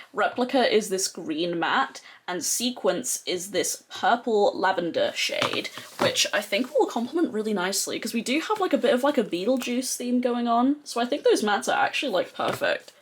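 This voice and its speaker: A young adult woman who talks chattily and excitably as a beauty vlogger, with lots of "like" fillers. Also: medium pitch, moderate pace, few pauses, slightly rough. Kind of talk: casual chatty tutorial.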